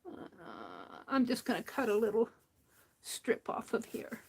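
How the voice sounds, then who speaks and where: Slow, soft-spoken woman crafting. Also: on the high side, wildly swooping pitch, vocal fry, husky, rough recording. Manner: slow, muttering to herself, drops to soft near-whispers. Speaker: craft livestream host. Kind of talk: casual craft talk while working.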